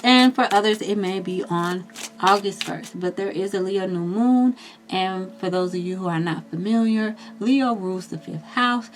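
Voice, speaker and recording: A woman's voice: mid-range voice, a little hiss or hum. A woman giving a casual astrology and tarot reading, chatty and reassuring, speaking directly to her viewers. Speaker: tarot reader.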